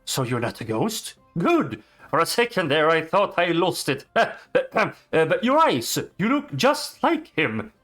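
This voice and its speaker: A man's voice: a little high, big pitch swings, a little slow, hardly any pauses, a bit bright, faint music behind. A man reading as a kindly old castle steward. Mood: gentle. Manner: reads the lines aloud plainly.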